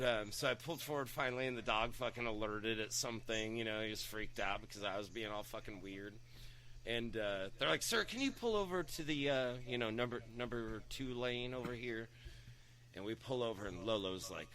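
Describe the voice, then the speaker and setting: A young adult man casually telling a story on a podcast, swearing freely and acting out other people's lines. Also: brisk. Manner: animated anecdote-telling, swearing, acting out quotes with raised pitch. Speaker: podcast co-host.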